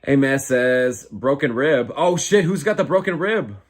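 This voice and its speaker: A man in his twenties hosting a live fight watch-along, reading chat aloud and reacting in a profane, excitable way. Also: medium pitch, a little slow. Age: 20s. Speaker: live stream host.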